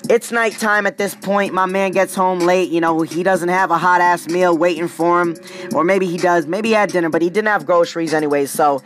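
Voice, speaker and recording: High-voiced, animated male storyteller. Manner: animated, slangy, addresses listeners directly. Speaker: podcast host. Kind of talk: comedic storytelling monologue.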